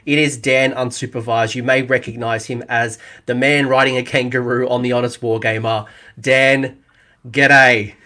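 A man's voice: medium pitch, little pitch movement, moderate pace, sharp tone. Laid-back Australian man hosting. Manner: jokey, laid-back storytelling. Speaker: podcast host. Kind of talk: casual chat.

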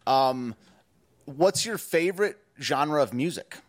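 A man's voice: on the high side, animated, takes it slowly. A man hosting a casual livestream interview, laid-back and self-deprecating, tossing in "dude" often. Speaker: stream host.

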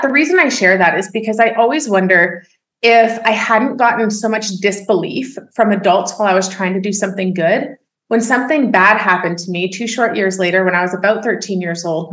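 A woman of middle pitch tells her own story candidly, keeping an upbeat, smiling tone through heavy material. Her voice rings in a roomy, echoing space. She is a guest in a conversational interview. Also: fairly bright tone. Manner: frank and upbeat, smiles and laughs while telling hard things. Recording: roomy echo.

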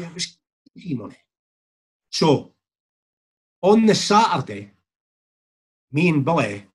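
A husky, mid-range voice belongs to a middle-aged Scottish ex-footballer. He meanders through an informal anecdote, chuckling often and voicing what others said as he retells it.

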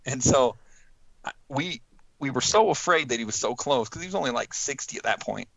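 A man's voice: mid-range voice, fairly quick, gravelly, no room sound, highs cut off. A man casually telling a hunting story, acting out quotes and laughing as he goes. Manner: animated, acts out quotes with laughs.

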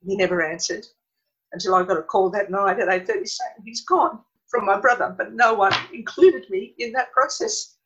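A middle-aged woman with an Australian accent, telling a painful personal story as an interview guest, earnest and halting, often restarting her sentences. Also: mid-range voice, a bit bright. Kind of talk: emotional personal account. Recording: dull lo-fi recording.

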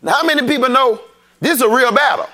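High, bright-voiced preacher in full flow. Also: male voice, fast talker. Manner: preachy, call-and-response, rising to shouts. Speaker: pastor. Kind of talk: sermon. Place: church sanctuary.

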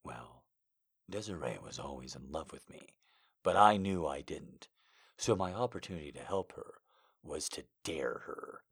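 A man voicing a tender young werewolf alpha who talks in a breathy, hushed murmur, within a comedic reading of amateur fiction. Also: rumbling low, expressive, unhurried, voice pushed down, heavily acted.

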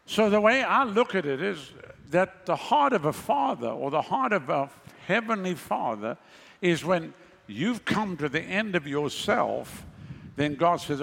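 A man's voice: sits high, big pitch swings, moderate pace, vocal fry, a bit bright, slightly rough, long reverb tail. A male pastor preaching a sermon in a conversational way, with sarcastic asides.

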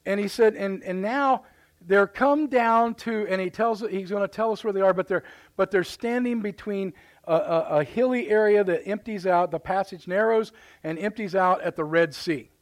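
This time the Midwestern pastor's voice rises high as he preaches at normal speed. It's a live service in a church sanctuary, and he's telling folksy stories while acting out voices and exclamations.

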